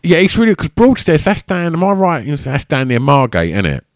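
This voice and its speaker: A man's voice: fairly high pitch, huge pitch swings, a little fast, dry recording. A man with an Essex accent hosting a podcast, chatting casually and rambling with many fillers and restarts. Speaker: podcast host.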